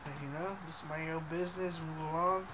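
A young man talks in a casual, profane way, joking and laughing through his stories. His voice sits high for a man. A faint hiss runs under the recording. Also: little pitch movement, brisk. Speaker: podcast co-host. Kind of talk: casual chat.

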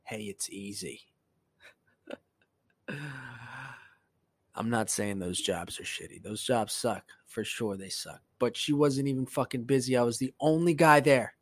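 A man hosting a casual solo podcast, telling a story in profane, animated bursts that climb into a rant. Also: mid-range voice, measured pace, pauses often, no room sound. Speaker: podcast host.

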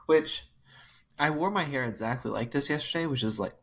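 A woman co-hosting a podcast, casually telling a family story in a wry, amused way with drawn-out asides. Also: a bass voice, husky. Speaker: podcast co-host.

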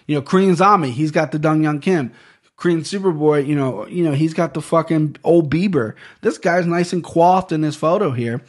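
A young man with a fairly high voice hosts a casual fight-picks podcast at a desk microphone, speaking at a normal pace. As a sports betting podcast host, he rambles, swears, and trips over names.

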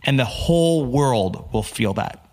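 An animated man from the United States talks as a podcast guest, telling his stories with energy and acting out what other people said. His voice sits at an ordinary middle pitch for a man. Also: a little slow. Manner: animated storyteller, acts out quotes. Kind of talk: casual storytelling interview.

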